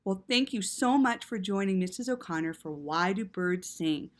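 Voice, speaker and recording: A woman reading a story aloud to children in an animated way, with gasps and quiet asides. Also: mid-range voice, moderate pace.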